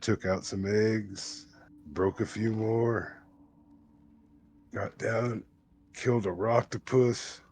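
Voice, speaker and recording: A man playing a tabletop game, answering with deadpan wisecracks. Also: on the low side, takes it slowly, pauses often, a little hiss or hum. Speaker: player.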